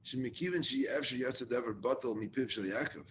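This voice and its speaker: A man's voice: medium pitch, a little fast, slight background noise. Man teaching a casual Torah class. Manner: mixes Hebrew readings with plain English asides, with restarts. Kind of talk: reading and explaining a Hebrew text in a casual class.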